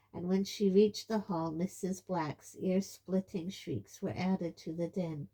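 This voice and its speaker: A woman reading a novel aloud in a slow, steady storytelling manner. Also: lowish voice, husky. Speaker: audiobook reader. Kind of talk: audiobook narration.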